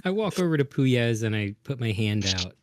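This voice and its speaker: Male player, mid-pitched, teasing tone at the table. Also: sing-song, brisk, a crowd in the background. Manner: laughing, teasing. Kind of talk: casual tabletop play.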